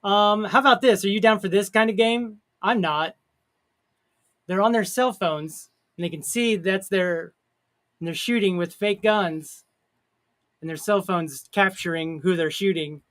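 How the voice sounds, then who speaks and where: A man's voice: high-pitched, a little slow, a bit bright. A man co-hosting a casual chat, telling stories and laughing often. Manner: jokey storyteller, laughs often. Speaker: podcast co-host.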